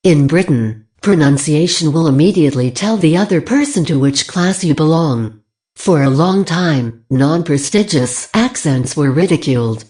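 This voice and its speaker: A text-to-speech woman's voice reading a scripted lecture in an even, read-aloud way. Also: deep voice, normal speed.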